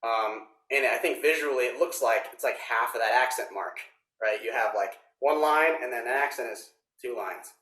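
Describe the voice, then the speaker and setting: A man's voice: mid-range voice, normal speed, far from the mic. Man teaching a drum workshop, roomy. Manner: explanatory, relaxed, frequent ums. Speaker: drum instructor. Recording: roomy echo.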